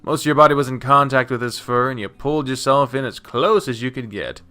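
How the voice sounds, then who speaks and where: Dude reading a dating game out loud, swears a lot, chatty asides. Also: male voice, mid-range voice, fairly quick. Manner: casual, swears freely, reads the narration softly, then breaks out into loud commentary. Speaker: game streamer. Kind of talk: reading a visual novel aloud with commentary.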